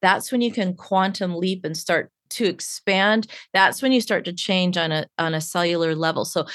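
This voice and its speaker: A woman's voice: fairly low pitch, moderate pace, no echo, clean studio sound. A woman coach from Chicago talking animatedly in a casual podcast conversation, acting out quotes. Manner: animated, acts out quotes with big voices.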